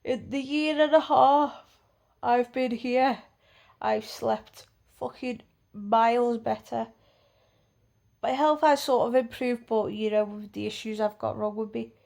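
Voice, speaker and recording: A woman recounts a story in a vlog, blunt and full of swearing. Her voice sits a little high and has a gravelly, creaky edge. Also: fairly even intonation, measured pace, darkish tone. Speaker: vlogger.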